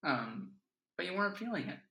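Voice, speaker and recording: Earnest young man with a bright voice. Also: fairly high pitch, very animated, fairly quick, vocal fry. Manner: earnest, reflective storytelling. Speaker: podcast guest. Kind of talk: casual chat. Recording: echoey room.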